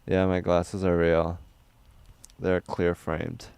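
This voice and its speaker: A young man livestreaming, reading chat questions aloud in a loose, rambling, crude and deadpan way. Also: low voice, slow pace, gravelly, clean tone, dry recording.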